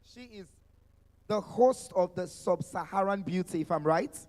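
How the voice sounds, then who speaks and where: In a large hall with music behind him, a male event host with a Nigerian accent works the expo stage, playfully teasing guests and pumping them up in a sing-song style. He speaks at a measured pace in a high-pitched voice with a darkish tone.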